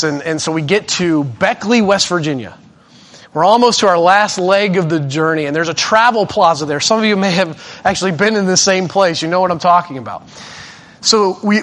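A male preacher telling a personal story in a sermon. He is animated and self-deprecating and often restarts his sentences. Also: sits high.

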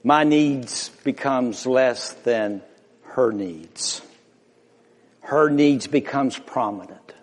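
A man's voice: medium pitch, drawn-out words. A man preaching a sermon with passion, building through repeated phrases and rhetorical questions. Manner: impassioned, rhetorical questions, repetition. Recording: long reverb of a large hall.

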